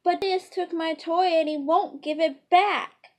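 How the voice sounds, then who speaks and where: A woman's voice: extremely high pitch, steady tone, a little slow, pitched above the performer's own voice. A woman voicing a squabbling little boy prince in a read-aloud storybook. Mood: shouting.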